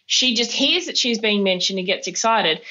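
Bright animated woman. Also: medium pitch, normal speed, lo-fi sound. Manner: animated storytelling, acts out voices. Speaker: comedian guest. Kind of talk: casual podcast chat.

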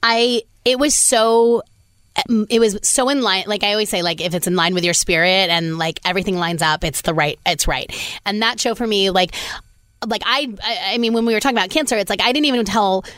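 A middle-aged woman talking freely as an interview guest, tumbling over her words with constant filler likes and quick restarts. She pokes fun at herself and laughs often. Her voice sits in an ordinary middle pitch, recorded close and dry. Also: fairly bright tone, no room sound. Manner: chatty, rambling, many filler likes and restarts; self-mocking and laughing. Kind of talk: casual interview chat.

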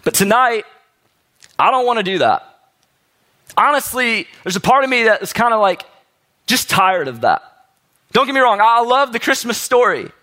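A man's voice: extremely high pitch, big pitch swings, moderate pace, pauses often, bright, forceful tone. A man preaching a sermon as a pastor, telling the story in a casual, conversational way.

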